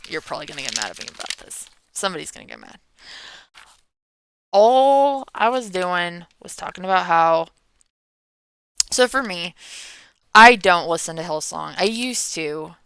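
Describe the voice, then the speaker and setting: A woman's voice: fairly low pitch, sharp tone, clear, resonant tone, no echo. A tired millennial woman in her thirties, rambling through a casual Q&A vlog, often trailing off and yawning. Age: 30s. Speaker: meme creator.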